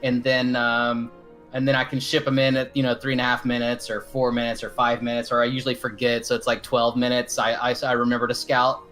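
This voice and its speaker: A man's voice: medium pitch, completely flat delivery, fairly quick, a bit bright, faint music behind. Joking male esports co-caster. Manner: joking, rambling, self-deprecating. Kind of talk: casual esports color commentary.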